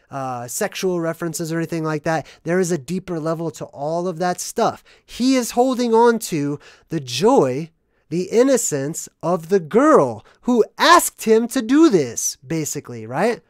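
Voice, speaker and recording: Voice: medium pitch, dry recording. Rambling vlogger with a dry voice. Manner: rambling, constant "right?" tag questions. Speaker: movie analysis vlogger. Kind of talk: casual monologue explaining hidden meanings.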